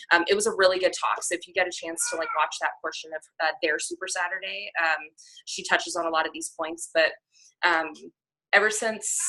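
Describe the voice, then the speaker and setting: A woman's voice: lowish voice, pushed and bright. A young woman coach talking casually on a team call, chatty and candid, with lots of fillers, a sarcastic streak and frequent laughs. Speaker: fitness coach.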